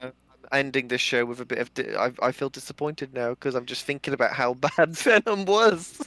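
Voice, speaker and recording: A man's voice: mid-range voice, brisk, a bit bright, no echo. A man hosting a casual podcast chat, ranting in an exasperated, dramatic way. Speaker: podcast host.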